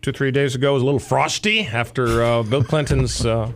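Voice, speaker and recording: A male talk radio host with a plain, mid-pitched voice. He rambles and adds wry asides while chatting with his co-host. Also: steady tone, fairly quick, slight background noise.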